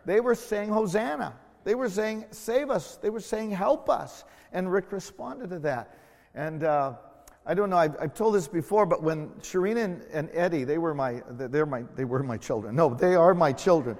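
A middle-aged male pastor preaching a sermon, swinging from loud exclamations to soft, hushed tones. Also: a little high, moderate pace. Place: church sanctuary. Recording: long reverb of a church hall.

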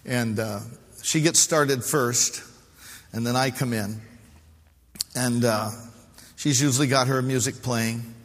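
A man's voice: medium pitch, slow, long pauses. A man, a pastor, preaching a heartfelt sermon with calls to the congregation. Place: church hall. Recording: live sermon with long hall reverb.

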